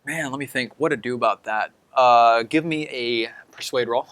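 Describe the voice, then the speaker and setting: A man's voice: medium pitch, moderate pace, a bit bright, clean tone, no echo. A man narrating as dungeon master in a tabletop game, talking casually with many fillers.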